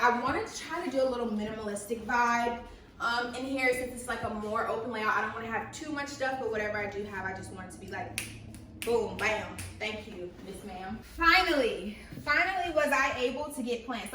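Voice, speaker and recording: A woman talks casually while showing off her apartment, animated and full of sassy asides. Her voice is bright and a bit high. She sits back from the mic in a strongly echoing room with a faint hum of ambience. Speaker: vlogger giving a home tour. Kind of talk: casual chatty apartment tour. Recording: echoey bare room, mic at a distance.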